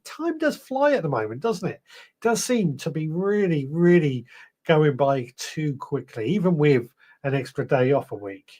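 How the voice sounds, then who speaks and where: A man's voice: high voice, expressive, normal speed. A man hosting a gardening live stream, chatting casually and greeting viewers one by one. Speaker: podcast host. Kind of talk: live stream chat reading viewer comments.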